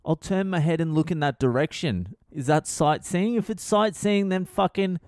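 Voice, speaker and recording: A man's voice: fairly high pitch, expressive, moderate pace, a little mellow, no echo, studio quality. A middle-aged comedian hosting his own podcast, talking in a sweary, wry, rambling monologue. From Australia. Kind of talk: casual solo podcast monologue.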